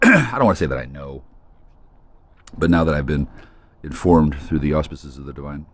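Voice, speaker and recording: A man's voice: extremely low pitch, lively intonation, normal speed, no echo. A man hosting a solo talk stream, rambling in a crude, sardonic way. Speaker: host.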